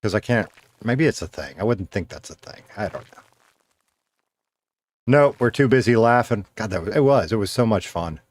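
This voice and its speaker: A man with a voice on the low side talks at a moderate pace, sounding animated as he streams a game. He chats with viewers and thinks aloud in a casual, rambling way through a noise-gated streaming mic.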